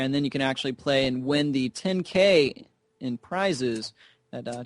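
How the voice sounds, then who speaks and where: A man casting an online game tournament, chatty and rambling, with jokes thrown in. His voice sits at an ordinary middle pitch. The sound is close and dry, from a headset mic. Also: dry recording. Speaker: esports caster. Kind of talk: casual game commentary.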